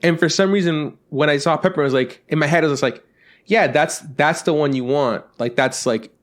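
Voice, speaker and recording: Young adult male co-host, fast talker, rambling storyteller who swears freely. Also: a little high. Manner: rambling anecdotes with acted-out quotes, swears freely. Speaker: podcast co-host. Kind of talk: casual storytelling chat.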